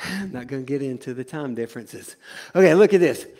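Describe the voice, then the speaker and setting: In a church sanctuary, a male pastor preaches a sermon, shifting from loud, drawn-out proclamations to quiet, joking asides with his congregation. His medium-pitched voice is brisk with lively intonation.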